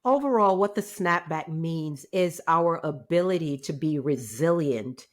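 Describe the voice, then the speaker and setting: A woman from Jamaica, a resilience coach, answering interview questions in an earnest, measured way. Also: low voice, animated. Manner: earnest, measured, faith-filled speech.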